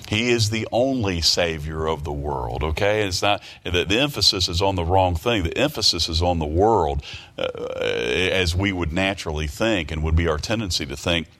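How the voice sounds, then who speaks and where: A man's voice: deep voice, expressive, moderate pace, a bit bright. A man preaching a sermon who reads scripture aloud, repeats his phrases and keeps asking rhetorical questions. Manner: reads scripture aloud in King James wording.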